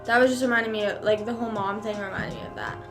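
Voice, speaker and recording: A woman's voice: mid-range voice, steady tone, racing, faint music behind. A young woman streamer in casual mukbang chat, rambling with lots of fillers and talking while she chews.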